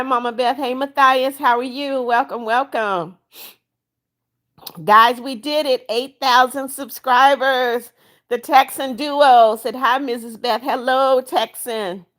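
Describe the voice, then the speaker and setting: A woman's voice: a little high, a bit bright. A woman hosting a casual live stream from home, reading viewer comments aloud, greeting each viewer by name and coaxing them to like and subscribe. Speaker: livestream host.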